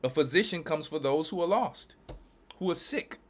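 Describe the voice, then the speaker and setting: A man from Louisiana and Texas, a church elder and pastor, giving emphatic, repetitive preaching commentary with quick restarts. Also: fairly high pitch, lively intonation.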